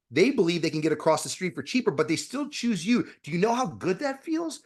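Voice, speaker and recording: A man who is a dentist, a guest on a podcast interview, talking bluntly with profanity and animated storytelling. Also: on the high side.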